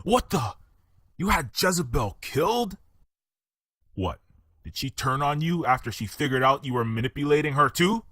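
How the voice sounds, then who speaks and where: A man's voice: fairly high pitch, sing-song, normal speed, long pauses, fairly bright tone, husky, no echo, exaggerated voice. An actor playing a betrayed male detective who accuses the woman who hired him. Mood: indignant. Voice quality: indignant, accusing.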